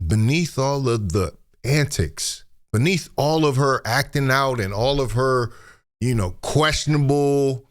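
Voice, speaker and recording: A man hosting a celebrity news commentary, talking in a conversational, reflective way straight to his viewers. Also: mid-range voice. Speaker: commentary host.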